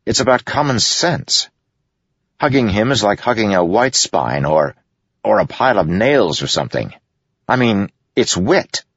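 A man's voice: on the low side, very animated, unhurried, breathy edge, no room sound, voice pushed up, full character voice. A man voicing a proud young prince who speaks bluntly and sounds exasperated, on a dull, lo-fi recording.

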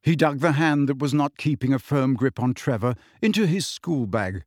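A man reading a fantasy novel aloud in a steady, expressive storytelling manner. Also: mid-range voice, moderate pace, no room sound, clean studio sound. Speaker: audiobook narrator. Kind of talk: scripted fantasy novel narration.

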